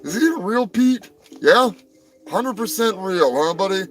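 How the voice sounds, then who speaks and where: A man's voice: high-pitched, animated, moderate pace, faint music behind, rough recording. A man hosting a rambling comedic livestream, crude and joking, often trailing off into mumbles. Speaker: livestream host. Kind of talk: rambling comedic live chat.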